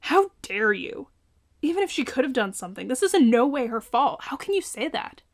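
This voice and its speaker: A steady, protective young man in a storybook, as a woman narrator reads him, mostly soft and reassuring, with short bursts of anger. Her own fairly high voice carries him, barely changed. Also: normal speed, no room sound, clean studio sound, natural voice. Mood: angry.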